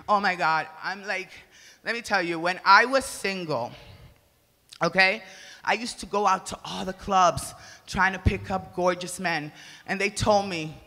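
A woman from the Republic, doing a crude, loud stand-up comedy set and shouting her punchlines. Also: lowish voice, a little slow. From Dominican Republic. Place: comedy stage before an audience. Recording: reverberant live venue, faint ambience.

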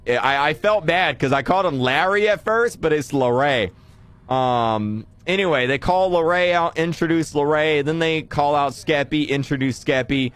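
A man streamer recapping an event in a rambling, excitable way, with bursts of shouting. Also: medium pitch.

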